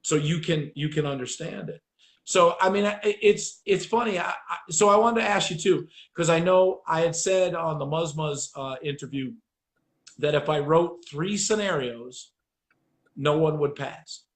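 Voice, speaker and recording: Male host, casual storyteller, swears freely, slightly high-pitched, roomy sound. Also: unhurried. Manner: profane, animated storyteller acting out voices. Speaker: dog trainer and host.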